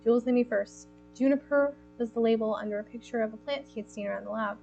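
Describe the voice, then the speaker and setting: A woman voicing a gentle, grief-stricken young man, speaking quietly and shakily. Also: on the high side, fast, gravelly, highs cut off, music in the background. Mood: grieving. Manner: quiet, trembling, subdued.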